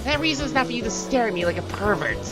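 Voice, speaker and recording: A man voicing a stern, disapproving young woman barista in a visual novel, snapping back in sharp, clipped lines. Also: extremely high pitch, animated, very fast, over loud music, voice pushed up. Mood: scolding.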